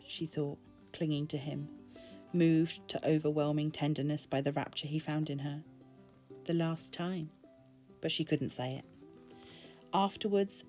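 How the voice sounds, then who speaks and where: A British woman reading a novel aloud in an unhurried, expressive narration. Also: low-pitched. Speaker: booktube reader.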